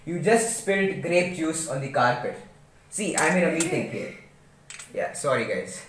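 A man's voice: a little high, very animated, moderate pace, a bit bright. A man playing a flustered, apologetic boss on a video call in an amateur comedy skit. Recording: echoey room with noise, far off.

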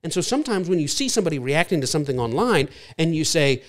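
A man's voice: a little high, sing-song, fast. A middle-aged man giving an earnest lecture-style talk from slides, sometimes acting out other people's voices. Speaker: speaker teaching a series.

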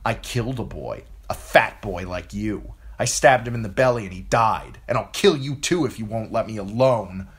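A man's voice: on the low side, normal speed, few pauses, breathy edge, pitched above the performer's own voice. Arya, a fierce little girl voiced by a man. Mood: defiant. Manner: defiant, snapping. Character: small fierce girl disguised as a boy.

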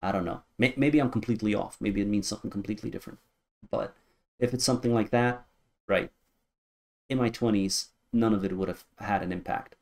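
A man's voice: on the low side, brisk. A man in his thirties hosting a music reaction video, musing aloud and guessing as he goes. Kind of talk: casual reaction commentary.

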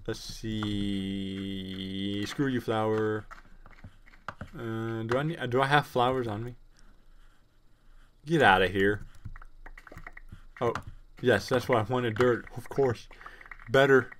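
A man's voice: mid-range voice, fairly even intonation, a little slow, a little hiss or hum. A man with a sore, tired voice giving casual gameplay commentary, rambling to himself and joking at his own expense. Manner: rambling, self-mocking, talks to himself. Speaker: let's play gamer.

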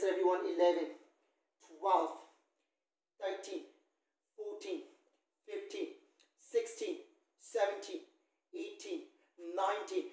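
A man's voice: high-pitched, dark tone. A man leading a yoga class, calling out poses and counting holds in a firm, coaching way. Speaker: yoga instructor. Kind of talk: live yoga class instruction. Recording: roomy echo, voice from far off.

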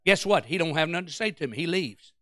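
A man preaching a fervent sermon as pastor, calling out to the congregation and shifting between shouting and quiet storytelling. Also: a little high, animated, quick pace, no echo, studio quality.

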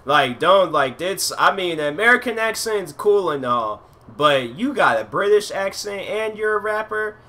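A man's voice: high-pitched, lively intonation, moderate pace, hardly any pauses, bright, forceful tone. A man hosting a reaction video, giving casual, rambling commentary full of "like" and restarts.

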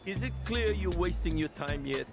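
A man's voice: high-pitched, lively intonation, moderate pace, gravelly, over loud music. An actor voicing a wry, sarcastic man in a crime game cutscene.

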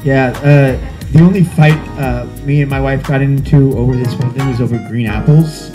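A man's voice: mid-range voice, fairly even intonation, over music. A man hosting a comedy show, bantering loosely and introducing the next act. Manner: loose, offhand, halting banter. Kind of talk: stand-up hosting.

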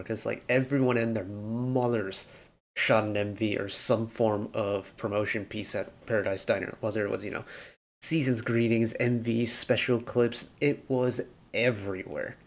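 A man hosting a music reaction video, talking through the song in an analytical, rambling way with lots of fillers. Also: lowish voice. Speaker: K-pop reaction host. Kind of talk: casual reaction commentary.

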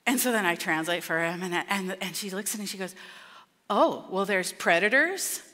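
A woman preaching a sermon in a church, in an animated, conversational way that acts out quotes. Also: on the low side, quick pace. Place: church sanctuary. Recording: long reverb of a church hall.

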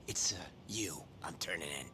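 A man's voice: extremely low pitch, moderate pace, background noise. An actor playing a crooked, scheming male taxi driver with a crude, sneering manner in a video game. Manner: sneering, switches to fake panicked pleading.

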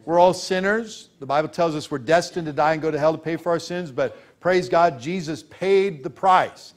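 A man's voice: on the high side, normal speed. A man preaching a sermon as pastor, emphatic and full of rhetorical questions, laughing as he tells stories.

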